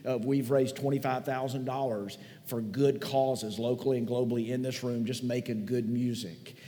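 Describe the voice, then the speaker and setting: Sentimental pastor in a reverberant hall. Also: male voice, medium pitch, steady tone, normal speed, mellow. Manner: conversational, folksy, sentimental storytelling. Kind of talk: sermon. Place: large church hall.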